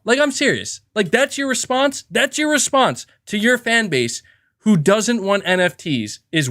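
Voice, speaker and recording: Male podcast host, swearing rant, very lively pitch, keeps restarting. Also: unhurried. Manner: profane and emphatic, frequent restarts.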